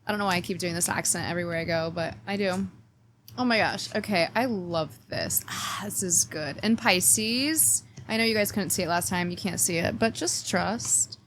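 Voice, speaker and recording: This astrology reader and channel host has a lowish, slightly bright voice, with a bit of background noise. In her casual weekly forecast, she pulls oracle cards and talks to viewers directly in a playful, cheeky way.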